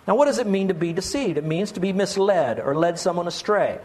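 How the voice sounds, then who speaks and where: A man preaching a sermon with a voice pitched high for a man. He pleads earnestly with his congregation. He keeps asking rhetorical questions. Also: lively intonation, a little fast, darkish tone. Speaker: pastor.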